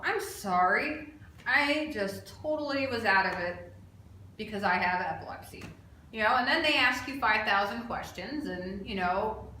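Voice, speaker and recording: A woman's voice: on the high side, pushed and bright. Earnest woman in a very echoey room. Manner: earnest and emphatic, conversational. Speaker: restaurant server sharing her experience with epilepsy. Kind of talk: personal awareness vlog. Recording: very echoey room, faint background noise.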